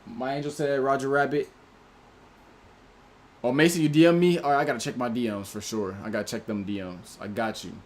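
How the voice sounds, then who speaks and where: A man hosts a relaxed livestream and talks straight to his chat. He reads viewers' names and their picks one after another in a loose, slangy way. His voice sits at an ordinary middle pitch for a man. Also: fairly quick, a little hiss or hum. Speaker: livestream host.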